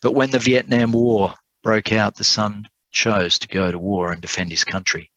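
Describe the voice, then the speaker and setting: Low-voiced man telling a sermon story. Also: fairly even intonation, moderate pace, fairly bright tone, dry recording, lo-fi sound. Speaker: preacher.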